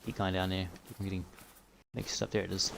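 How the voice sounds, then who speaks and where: A man live streaming a hunting game, chatting casually and often dropping to a quiet mutter. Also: low-pitched, level tone, a little fast, creaky, a little hiss or hum. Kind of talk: casual gameplay commentary.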